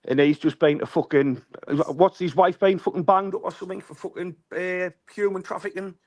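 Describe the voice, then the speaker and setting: A man's voice: high-pitched, steady tone, brisk, a little mellow. A man with a northern English accent calling in to a live stream, ranting bluntly with heavy swearing and repeating himself. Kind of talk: casual ranting call-in.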